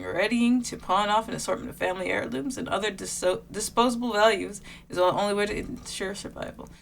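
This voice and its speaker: A woman's voice: mid-range voice, slight background noise. A woman streamer reading a story game's narration aloud, breaking off into chatty reactions. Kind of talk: reading a visual novel aloud with casual asides.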